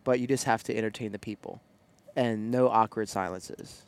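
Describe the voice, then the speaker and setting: A man's voice: on the low side, steady tone, moderate pace. A man podcast co-host chatting casually in a car, teasing his partner and giving a mock announcer hand-off. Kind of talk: casual chat.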